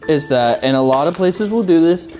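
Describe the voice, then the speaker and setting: A woman co-hosting a podcast in casual chat, candid and quick to laugh, repeating herself as she thinks. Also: sits low, animated, music in the background. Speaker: podcast co-host.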